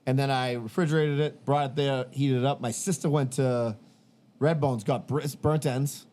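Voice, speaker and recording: A man's voice: medium pitch, steady tone, moderate pace, mellow. A man, telling rambling, profane stories on a casual podcast and acting out what people said. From Massachusetts. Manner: profane, rambling storyteller who acts out quotes. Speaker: podcast host.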